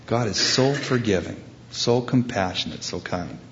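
A man's voice: lowish voice, animated, normal speed, highs cut off, noisy background. A man preaching a sermon, storytelling with humorous asides and acting out the people he quotes. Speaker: pastor.

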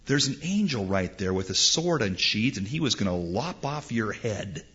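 A man voicing a frantic, indignant talking donkey, squeaky and stammering in protest. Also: big pitch swings, moderate pace, a bit bright. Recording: dull lo-fi recording.

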